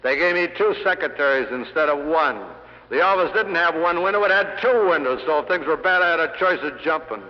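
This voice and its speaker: A man's voice: fairly high pitch, lively intonation, fairly quick. Middle-aged man telling punchy sales stories. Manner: punchy storytelling with dry humor. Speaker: sales lecturer. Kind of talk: after-dinner sales speech with anecdotes. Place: lecture hall with an audience. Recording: dull 1960 LP of a hall speech.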